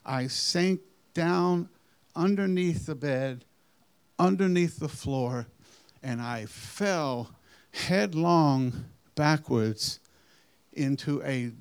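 A man slowly recounting a personal testimony in an earnest way, with deliberate phrasing and halting restarts. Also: a little high, smooth. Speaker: storyteller giving a personal testimony. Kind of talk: slow, earnest spoken testimony.

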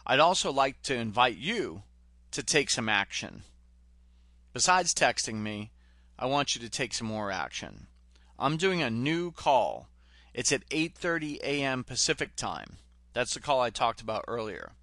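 A man's voice: medium pitch, sing-song, a little slow, sharp tone, no echo. A man giving a direct, pushy motivational talk as a sales coach. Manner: direct, pushy, retells film scenes.

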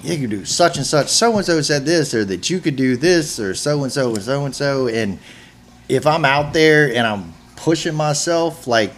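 A man in his forties hosting a casual chat, talking in a halting, rambling way with frequent restarts. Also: on the high side, expressive, a little hiss or hum. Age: 40s.

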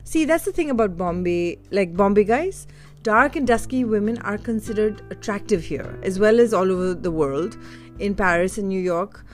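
A woman from Delhi shares personal stories in a candid, reflective way, often pausing to search for her words. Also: medium pitch, faint music behind. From India (Delhi). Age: adult. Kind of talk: personal storytelling monologue.

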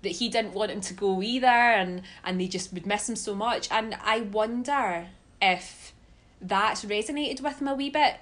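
A woman's voice: medium pitch, moderate pace, a bit bright. Scottish woman chatting on a podcast, tells stories, laughs a lot. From Scotland. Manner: chatty storyteller, laughs often. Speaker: guest. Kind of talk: casual podcast chat.

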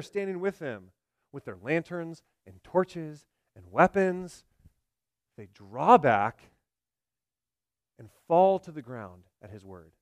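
A man preaching a sermon, swinging from loud emphatic lines to hushed, low delivery. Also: no room sound. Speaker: pastor.

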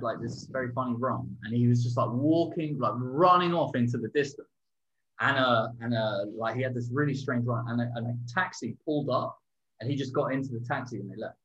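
Animated storytelling man, lo-fi. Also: mid-range voice, a little fast. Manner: animated, swearing, acts out quotes loudly. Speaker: podcast co-host. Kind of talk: casual storytelling chat. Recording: dull lo-fi sound.

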